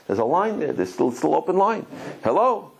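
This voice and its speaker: A rabbi gives a Torah lesson in an animated, digressive style and keeps repeating words as he tells his stories. His voice is a man's, high-pitched and husky. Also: a little fast. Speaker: rabbi teaching a class. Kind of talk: Torah lecture with storytelling.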